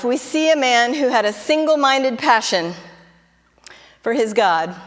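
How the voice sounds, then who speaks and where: Woman pastor, middle-aged, high voice, conversational sermon with fervent peaks, long church-hall reverb. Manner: conversational preaching, rises to fervent emphasis. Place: church sanctuary.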